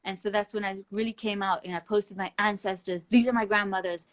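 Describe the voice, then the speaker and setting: A woman with a medium-pitched, fairly even voice speaks a little fast as a guest in a casual live-stream conversation. She is blunt and emphatic, swears freely, and laughs between her points.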